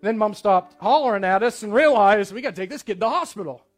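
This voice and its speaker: A man's voice: high voice, animated, fast, soft background music. A man preaching a sermon to his church, telling a personal story in a conversational, earnest way. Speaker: pastor.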